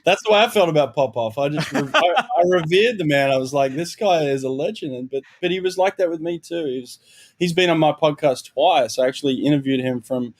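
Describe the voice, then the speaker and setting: A man's voice: a little high, a little fast. A middle-aged Australian man, a swim coach and guest, speaks candidly and reflectively in a podcast interview, restarting phrases and adding "you know".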